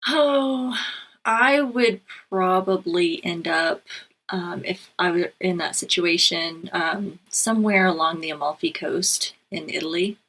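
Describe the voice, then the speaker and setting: Woman, lowish voice, dreamy keen casual chat. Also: fairly even intonation, slow, a bit bright, breathy edge, rough recording.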